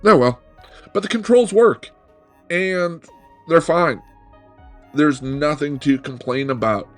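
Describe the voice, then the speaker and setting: A man's voice: a little high, slow pace, soft background music. A middle-aged man hosting a video game review, talking in a wry, joking way that rambles with self-corrections. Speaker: game reviewer, channel host. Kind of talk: casual game review monologue.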